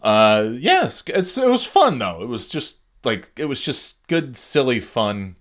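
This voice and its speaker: A man hosting a podcast in casual chat, rambling through a profane, animated retelling. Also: mid-range voice, a little slow. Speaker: podcast host.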